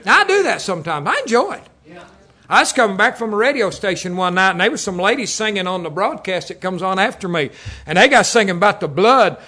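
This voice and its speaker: High bright preacher man, older. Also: lively intonation, quick pace. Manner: jokey, storytelling, chuckles often. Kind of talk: folksy humorous sermon.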